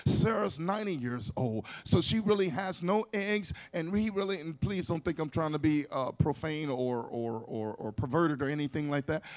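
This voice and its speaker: A middle-aged male pastor preaching a sermon, repeating phrases and building from quiet asides to shouts. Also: sits high. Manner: repetitive, call-and-response preaching, swelling to shouts.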